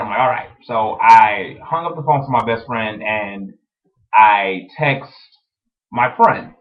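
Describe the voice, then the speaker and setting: A young man talking casually to his webcam, chatty and animated, telling stories with lots of "like". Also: medium pitch, takes it slowly. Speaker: vlogger. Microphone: webcam microphone. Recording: dull lo-fi webcam audio.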